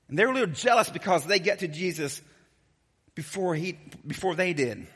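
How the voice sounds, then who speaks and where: A man preaching a sermon as a pastor, telling the story in a casual, joking, animated way. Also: high-pitched, fairly quick, slightly rough, big-room sound.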